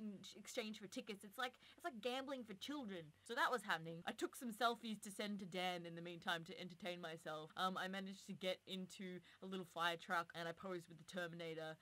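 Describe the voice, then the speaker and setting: Young woman vlogger, chatty storyteller, casual and rambling. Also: medium pitch. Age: 20s. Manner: chatty and animated, lots of "like" fillers.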